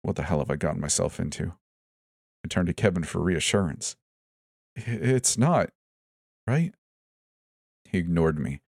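A man narrating a first-person horror story with a steady, even reading. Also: deep voice, no echo, studio quality.

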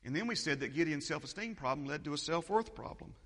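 High-voiced man preaching in a reverberant hall. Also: animated, quick pace, fairly bright tone. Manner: emphatic, repetitive, building lists, interjects "amen". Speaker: pastor. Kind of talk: sermon.

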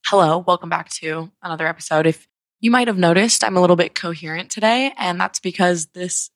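A young woman in her twenties hosts her podcast in a loose, rambling way, wandering off topic and swearing often. Her slightly low voice sounds irritable, and her throat is sore. It is recorded close on a handheld mic in a dry, dead space. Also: fairly quick, no room sound. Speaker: podcast host. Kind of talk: casual podcast chat. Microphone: handheld microphone.

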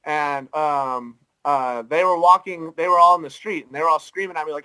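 A man's voice: a little high, fairly even intonation, normal speed, few pauses, pushed and bright, rough recording. A young man co-hosting a podcast, telling a story animatedly and filling his speech with "like" and "dude". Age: young adult. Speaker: podcast co-host. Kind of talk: casual storytelling.

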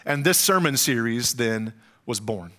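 A man preaching a sermon as pastor, telling a travel story with dramatic pauses and comic asides to the congregation. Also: mid-range voice, lively intonation, bright, forceful tone.

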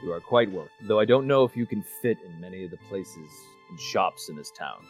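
Brief: man doing a formal, curious adventurer with very deep, stiff old-fashioned speech, faint music behind. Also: lively intonation, brisk.

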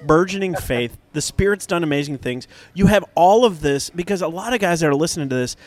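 A man's voice: on the high side, expressive, a little fast, no echo. A man hosting a faith interview, reflective and encouraging as he sums up his guest's story. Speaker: podcast host. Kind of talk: interview conversation.

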